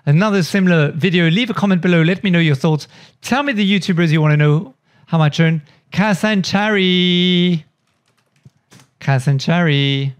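Man, high voice, enthusiastic, rambling, repeats himself, casual YouTube host. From France. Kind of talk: casual commentary.

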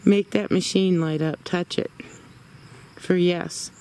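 Speaking slowly in a fairly low, warm, smooth voice with fairly even intonation, a woman paranormal investigator coaxes spirits with short questions in a wooded cemetery outdoors. It's a noisy outdoor recording from her handheld camera mic, with crickets and insects audible behind her.

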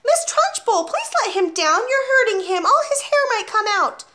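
A woman reading aloud and voicing a gentle young teacher who murmurs and pleads. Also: high voice, very animated, moderate pace, voice pushed up. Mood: pleading. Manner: soft, pleading.

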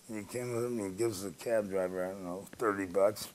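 A man's voice: lowish voice, fairly even intonation, a little fast, darkish tone, a little hiss or hum, low-quality recording. A former ballplayer telling a rambling anecdote in an interview, acting out the dialogue as he goes. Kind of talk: storytelling interview.

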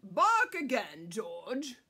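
A woman's voice: mid-range voice, huge pitch swings, extremely slow, bright, forceful tone, breathy edge, voice pushed down, exaggerated voice. A woman voicing an exasperated mother dog who scolds her pup in a firm, insistent tone, for a storybook read-aloud. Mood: scolding.

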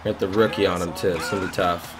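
A young man giving live, excitable commentary on his own football video game, swearing and shouting at the plays. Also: low-pitched, quick pace, a crowd in the background. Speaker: gaming YouTuber.

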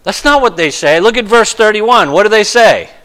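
Male pastor, higher voice, bright tone, casual preaching with dramatic quoted lines. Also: expressive, moderate pace, low-quality recording. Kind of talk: sermon.

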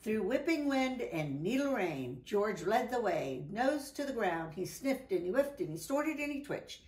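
Animated woman reading a picture book. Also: mid-range voice, measured pace, roomy sound. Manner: animated, sing-song storytelling with voiced exclamations. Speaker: children's story reader.

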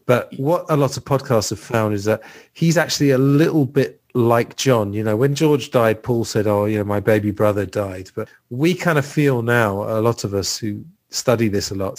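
A man's voice: mid-range voice, moderate pace. A man hosting a casual podcast conversation, chatty and thinking aloud with plenty of fillers. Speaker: podcast host.

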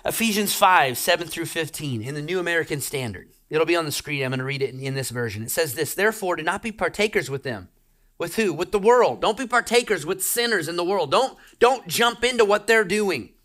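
A man's voice: fairly high pitch, expressive, brisk, few pauses, bright, forceful tone. A middle-aged man preaching a sermon as pastor, talking emphatically and exhorting his listeners.

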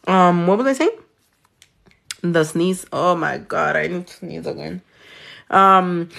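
A woman's voice: on the low side, a little slow, creaky, long pauses, fairly bright tone. Chatty, swearing woman streaming nails. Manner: chatty and swearing, answers viewer comments while working. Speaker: nail artist streaming live. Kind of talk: casual live-stream chat. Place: home nail studio.

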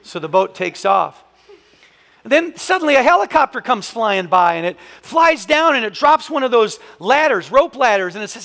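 A man pastor preaching a sermon in a church, telling a story with animated voices and leading the congregation in call-and-response. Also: high voice, moderate pace, creaky, big-room sound. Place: church sanctuary.

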